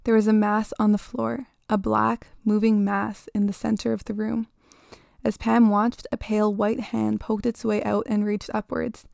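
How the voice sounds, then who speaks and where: A woman reading a horror story aloud in a steady, measured way. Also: medium pitch, gravelly, no echo, studio quality.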